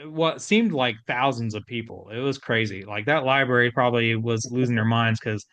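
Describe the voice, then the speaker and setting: A man telling a story in relaxed casual podcast chat, with many fillers. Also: mid-range voice, moderate pace, no room sound. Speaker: podcast co-host.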